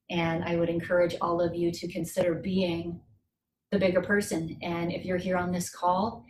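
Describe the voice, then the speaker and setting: A middle-aged woman with a fairly low, darkish voice tells a personal story and gives advice as a guest speaker on a coaching call. She's earnest and reflective, slowing down to stress key points; the recording has roomy echo and a little hiss or hum.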